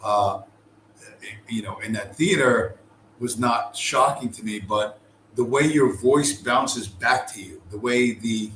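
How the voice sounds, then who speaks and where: Taking his time, a man with a mid-range, slightly bright voice vlogs his travels to camera in a meandering way. He swears often and keeps backtracking with fillers and restarts. Through the camera mic the sound is roomy, with slight background noise.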